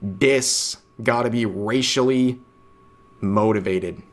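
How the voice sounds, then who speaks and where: A man's voice: fairly low pitch, slow. A man narrating a commentary video, dryly reading out tweets.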